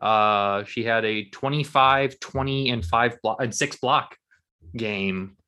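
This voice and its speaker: A man's voice: medium pitch, slow, bright, forceful tone. A young man chats about college sports on a podcast, laughing lightly as he looks up numbers. His talk is loose, friendly and casual. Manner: chatty, laughs while looking up stats. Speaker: podcast co-host.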